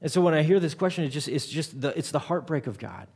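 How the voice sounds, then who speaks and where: Man in his thirties, pastor, casual sermon delivery with a touch of a higher pitch and frequent restarts. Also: fast talker, darkish tone. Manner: conversational, repeats words when starting a thought.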